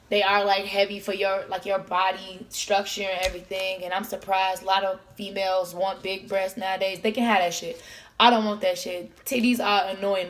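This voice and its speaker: A young woman, telling a long story in a casual, profane, slangy vlog and acting out the conversations. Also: mid-range voice. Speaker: vlogger.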